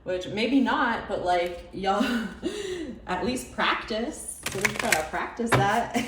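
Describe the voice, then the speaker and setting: A woman's voice: mid-range voice, sing-song, takes it slowly. A woman giving a casual tarot reading, chatty and exclamatory, with lots of fillers. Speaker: tarot reader. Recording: echoey room, distant mic, faint noise.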